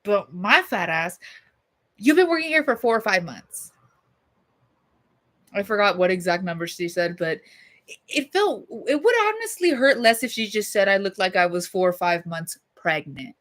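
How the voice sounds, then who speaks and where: A woman's voice: medium pitch, big pitch swings, normal speed, a bit bright. A young woman telling a story casually on a livestream, heated, blunt and full of swearing and fillers.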